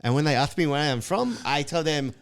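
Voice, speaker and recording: An eager young Israeli man with a lisp and an Israeli English accent, talking in a high, bouncy voice well above his usual pitch, as a man puts him on. He sounds friendly and earnest as he explains himself. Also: expressive, fairly quick.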